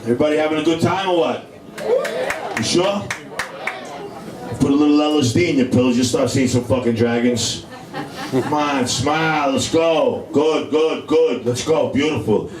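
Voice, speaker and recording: A man's voice: on the high side, distant mic. A man hosting a comedy show, doing stand-up and teasing the crowd, stretching out his punchlines. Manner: banters with the crowd, drawn-out punchlines. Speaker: comedy club host. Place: comedy club. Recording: roomy club sound from afar with faint noise.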